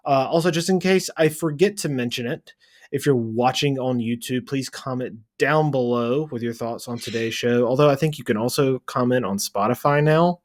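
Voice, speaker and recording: A man co-hosting a movie podcast in casual chat, chatty and rambling with quick asides. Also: mid-range voice. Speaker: podcast co-host.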